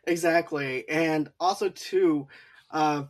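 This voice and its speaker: Male podcast co-host, slightly high pitch, chatty and rambling, acts out quotes. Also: takes it slowly. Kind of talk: casual movie discussion.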